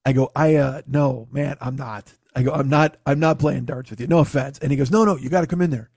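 A man's voice: medium pitch, a little fast, darkish tone, slightly rough, dry recording, clean studio sound. A man telling a casual, profane story in his own voice. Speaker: podcast host telling a story.

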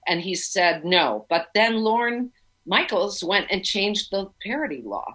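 Female actress guest, chatty storyteller, bright crisp voice. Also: mid-range voice, measured pace, poor audio. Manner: animated storyteller, breaks into sung parody. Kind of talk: interview chat, telling anecdotes.

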